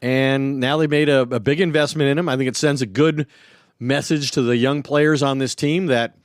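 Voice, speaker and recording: A male sports reporter talking on a podcast in a steady, knowing manner. His pitch is ordinary for a man, and the recording is close and dry. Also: no room sound. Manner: measured, informed, adds inside details. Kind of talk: casual sports podcast chat.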